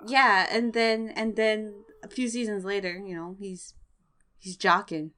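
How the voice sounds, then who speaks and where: A woman's voice: medium pitch, fairly even intonation, measured pace, sharp tone, a little hiss or hum. A woman co-hosting a casual anime podcast, giggly and playful. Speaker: podcast co-host. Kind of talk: casual anime recap chat.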